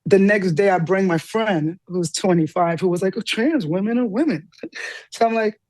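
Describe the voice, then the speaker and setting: A woman guest telling a personal story with lively energy, acting out the voices of the people in it. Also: normal speed, dry recording. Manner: lively, acts out quoted dialogue with big pitch jumps. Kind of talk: animated storytelling in an interview.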